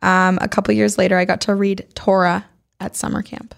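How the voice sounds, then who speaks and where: A young woman co-hosting a podcast, chatting casually and telling animated stories with blunt opinions. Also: mid-range voice, a little fast, creaky. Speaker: podcast co-host. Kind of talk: casual chat.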